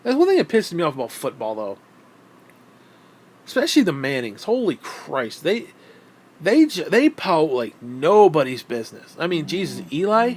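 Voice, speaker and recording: A man ranting profanely in a casual, animated vlog. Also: high voice, normal speed, a little hiss or hum. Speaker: vlogger. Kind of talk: casual rant to camera.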